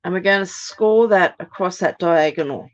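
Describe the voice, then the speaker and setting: Hoarse middle-aged woman demonstrating crafts. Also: on the low side, moderate pace, highs cut off. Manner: chatty, step-by-step, many ums. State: hoarse, recovering voice. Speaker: crafting live-stream host. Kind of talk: live card-making demonstration.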